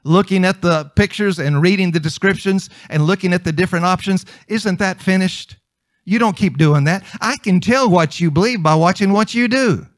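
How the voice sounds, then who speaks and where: A man's voice: sits high, moderate pace, no room sound. A male preacher delivering a conversational sermon, emphatic and repeating his points.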